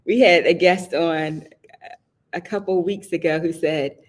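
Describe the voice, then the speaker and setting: Woman, live-stream host, casual chat, personal and talkative, low-ish voice. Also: steady tone, measured pace. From Southern United States. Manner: chatty and personal, often asks "right?" and laughs.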